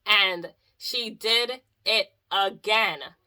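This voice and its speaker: A woman's voice: medium pitch, drawn-out words, sharp tone. A woman who works as a hairstylist, telling a client story in an exasperated, chatty way with lots of "like.". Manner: exasperated, chatty, heavy use of "like". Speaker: mobile hairstylist. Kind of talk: casual storytime vlog.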